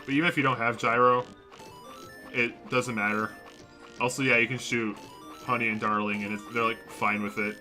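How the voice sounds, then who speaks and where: A man's voice: medium pitch, level tone, moderate pace, long pauses, sharp tone, soft background music. A young man streaming a video game, chatting casually and rambling with lots of self-corrections as he talks to his viewers. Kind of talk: casual livestream commentary. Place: home room at a computer. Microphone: desk mic.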